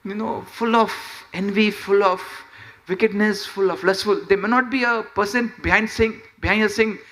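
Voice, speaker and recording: High-voiced man giving a sermon. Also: moderate pace. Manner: animated storytelling with frequent "you know" fillers. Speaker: speaker of a scripture class. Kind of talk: sermon storytelling.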